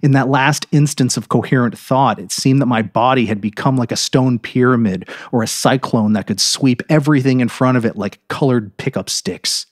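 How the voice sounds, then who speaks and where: A man narrating a horror story in an intense, measured first-person reading with dramatic pauses. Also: medium pitch, no echo, clean studio sound.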